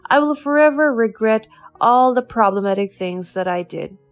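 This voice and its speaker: A woman's voice: a little high, a little slow, faint music behind, close to an everyday voice. A woman reading the lines of a remorseful, ruined ex-husband who stammers and pleads for forgiveness, in a storytelling voice. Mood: pleading. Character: remorseful ruined middle-aged ex-husband, man.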